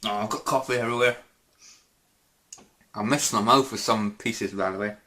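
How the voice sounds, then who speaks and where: A man's voice: fairly low pitch, moderate pace, sharp tone. A man hosting a casual Q&A vlog, rambling and hesitant with many fillers and restarts. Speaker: YouTube gaming channel host.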